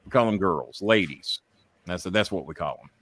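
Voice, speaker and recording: Speaking fairly quickly in a low voice with no room sound, a man appears as a podcast guest and tells candid stories. He swears freely and speaks with passion, getting more heated and animated as he rants.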